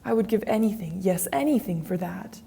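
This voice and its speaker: A woman's voice: mid-range voice, animated, brisk, gravelly, mellow. A woman reading the lines of a vain young man afraid of growing old, in a graded reader audiobook. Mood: pleading. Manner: pleading, emotional outbursts.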